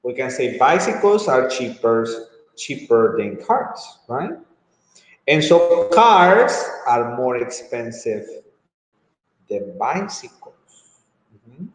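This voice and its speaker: A man teaching English grammar in an online lesson, speaking slowly and drawing words out, with frequent mm-hmms. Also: mid-range voice, very animated. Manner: slow, drawn-out, with frequent mm-hmms. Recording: echoey room with long reverb.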